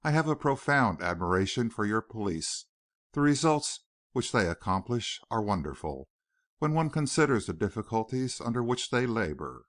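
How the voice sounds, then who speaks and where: Man doing a polite French detective, faint French accent, slow formal speech, lively pitch, dry close sound. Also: no room sound. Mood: courteous. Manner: courteous, formal, speaks slowly. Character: polite middle-aged male French detective.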